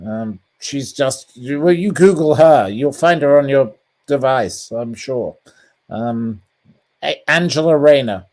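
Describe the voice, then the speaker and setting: A man's voice: medium pitch, slow, a little mellow. A man with a British English accent, a journalist giving blunt, scathing opinions in an interview, with many ums and restarts. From England. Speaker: journalist guest. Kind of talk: interview over a call.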